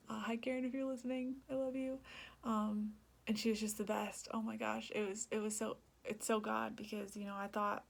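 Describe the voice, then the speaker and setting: A young female vlogger with a gravelly, mid-range voice talks earnestly in a personal vlog. She rambles, laughs often, and sometimes drops to a whisper.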